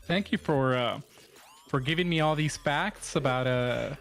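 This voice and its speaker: A woman's voice: very deep voice, unhurried, faint music behind. A woman guest on a casual podcast, giggly and hesitant, often stumbling over her words. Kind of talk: casual chat.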